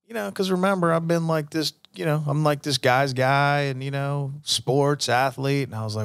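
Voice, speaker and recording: A man's voice: medium pitch, animated, moderate pace, hardly any pauses, no echo, studio quality. A middle-aged man hosting a podcast, telling a personal story in a casual, earnest way with many fillers. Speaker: podcast host.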